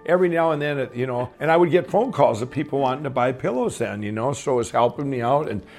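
Middle-aged male storyteller, gravelly and rough, rambling casual delivery. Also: medium pitch, fast talker, darkish tone, soft background music. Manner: rambling, frequent restarts and fillers. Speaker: guest telling his life story.

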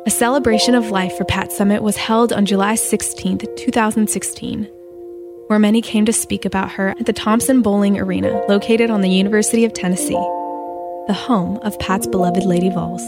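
A woman reads scripted narration in a measured, even way, with a middle pitch. Clear music plays under her voice the whole time. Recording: clear music bed behind voice.

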